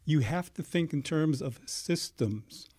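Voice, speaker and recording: A man talking as a guest in a studio, explaining things in a measured, step-by-step way. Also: on the high side, expressive, darkish tone.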